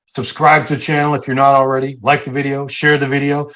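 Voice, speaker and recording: A man's voice: medium pitch, level tone, fast, fairly bright tone. An American man hosting a casual podcast, chatting in an upbeat, talkative way. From United States. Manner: upbeat, chatty sign-off patter. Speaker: host.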